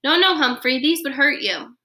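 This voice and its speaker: A caring young girl from a storybook read-aloud, earnest and a touch fussy, as a woman puts her on. Her voice sits high and rings very bright. She sounds protective and sincere. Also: expressive, normal speed. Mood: gentle fussing.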